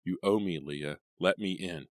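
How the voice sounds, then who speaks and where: Casting: man playing a chilling ghost girl, soft slow whisper, deep undertone. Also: no echo. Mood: menacing.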